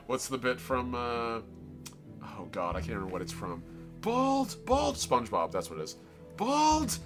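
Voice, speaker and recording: A man's voice: fairly low pitch, fairly quick, music in the background. A man with a Floridian accent, chatting casually and rambling as he explains his drawing on a live stream. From Florida, United States. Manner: rambling, self-interrupting, explains as he draws.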